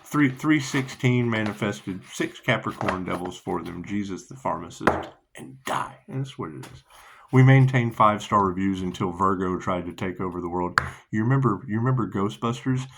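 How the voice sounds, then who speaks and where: Male host, low gravelly voice, rambling spiritual talk with repeats and chuckles, slight background hiss. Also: moderate pace. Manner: repetitive, laughing, trailing into soft asides.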